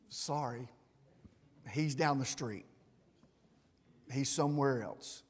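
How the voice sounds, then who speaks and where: A man's voice: a little high, animated, drawn-out words, pauses often, husky. A man, a pastor preaching a folksy, self-deprecating sermon and closing in prayer. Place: large church sanctuary. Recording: long reverb in a large hall.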